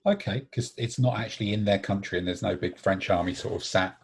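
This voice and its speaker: A man with a low, gravelly voice that has a husky edge. He hosts a relaxed podcast conversation with playful, teasing humour. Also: a little fast. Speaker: podcast host. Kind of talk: casual chat.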